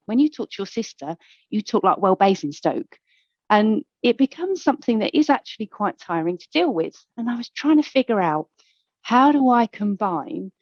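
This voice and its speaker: A woman's voice: medium pitch, a little mellow, no room sound. A woman from England speaking at a conference panel, telling a candid personal story with a playful touch. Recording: dull, dry lo-fi recording.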